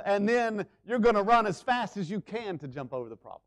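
A man with a high-pitched voice preaches from the pulpit of a church. He rises into loud, urgent appeals, then drops to hushed, slow emphasis on key words. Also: big pitch swings. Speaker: pastor. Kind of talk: sermon. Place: church sanctuary.

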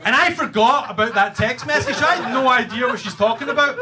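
A man's voice: very high-pitched, fairly quick, noisy background. A Scottish man doing a stand-up comedy set, telling a profane story full of "right?" tags and acted-out quotes. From Scotland. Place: comedy club stage. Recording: live club set, loud audience laughter.

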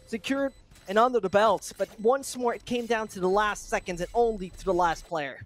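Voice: medium pitch, normal speed. An esports caster from Germany giving playful, wordy colour commentary on a headset.

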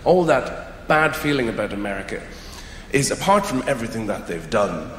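Wry comedian in an echoey hall. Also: male voice, fairly low pitch, big pitch swings, normal speed, a little hiss or hum. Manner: wry, rambling delivery with put-on voices. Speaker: stand-up comedian. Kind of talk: stand-up routine. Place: comedy venue stage. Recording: echoey hall with audience laughter. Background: audience laughter.

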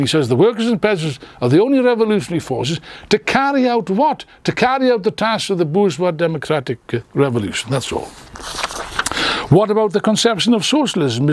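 Emphatic man lecturing with lively pitch. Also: slight background noise. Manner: emphatic, with rhetorical questions and many restarts. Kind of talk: political lecture to an audience.

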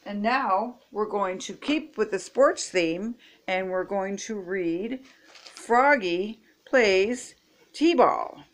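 An older woman reading picture books aloud expressively, stopping to chat with young viewers. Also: mid-range voice. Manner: slow, expressive, chatty asides to young viewers. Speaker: storybook reader.

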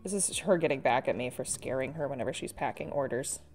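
A woman's voice: rumbling low, fast, darkish tone, faint music behind. A woman artist chatting casually and poking fun at herself while she draws on a live stream. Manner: chatty, self-mocking, with frequent laughs and sighs.

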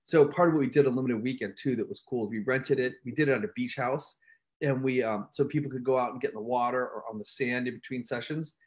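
A man hosting a casual live stream, telling a story with animated outbursts and acted-out shouts. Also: medium pitch, fast talker. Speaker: host.

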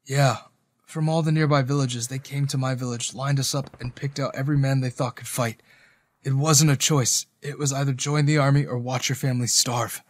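A man voicing a wounded young male soldier who was forced into the army, speaking in a quiet, resigned way. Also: mid-range voice, steady tone, moderate pace, dry recording, natural voice. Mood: weary.

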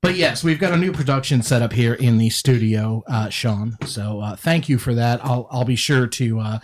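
A man's voice: mid-range voice, normal speed, slight background noise. A man co-hosting a casual live craft stream, reading viewer comments and joking with a laugh.

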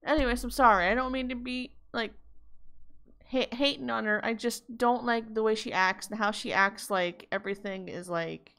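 A woman's voice: on the high side, normal speed, vocal fry, fairly bright tone, smooth. A woman vlogger in a heated, blunt rant, swearing freely as she talks to her viewers. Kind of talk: angry vlog rant.

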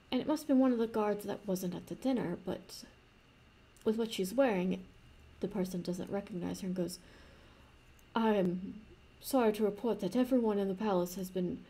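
A woman improvising a fantasy story in a rambling, soft manner, with restarts and playful asides. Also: on the high side, husky.

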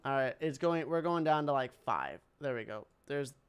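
A man giving casual let's-play commentary as a streamer, excitable and crying out loudly at the game. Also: medium pitch, moderate pace, clear, resonant tone. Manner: excitable, yelps and cries out at the game. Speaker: gaming streamer. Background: game music.

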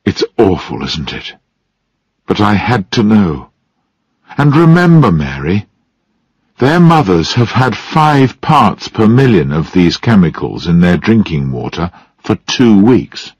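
A man reading a storybook, voicing a calm, driven male scientist in a measured, reassuring way. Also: fairly low pitch, slightly rough, no room sound, muffled recording, exaggerated voice.

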